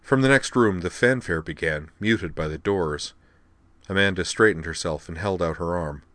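A male audiobook narrator with a deep, low voice, reading in a steady, measured way. The recording is close and dry, with no room sound behind him. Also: dry recording. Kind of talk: scripted narration.

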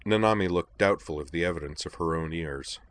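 Brief: male narrator, very low voice, steady storybook reading. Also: a little fast. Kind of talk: audiobook reading of fan fiction.

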